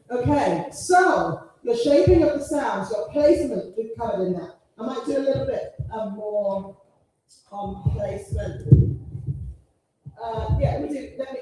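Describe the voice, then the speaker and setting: A woman's voice: a little high, normal speed, a little hiss or hum. A woman leading a gospel singing workshop, talking casually with sung demonstrations and frequent laughs. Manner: lively, demonstrates phrases by singing, laughs often. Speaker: gospel choir leader and workshop teacher. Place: large hall at a conference. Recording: echoey hall, voice from far off the mic.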